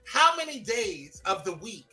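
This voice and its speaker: A man hosting a morning talk show, chatting in an animated, teasing way and laughing often. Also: high voice, a little slow, music in the background, rough recording. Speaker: host. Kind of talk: casual chat.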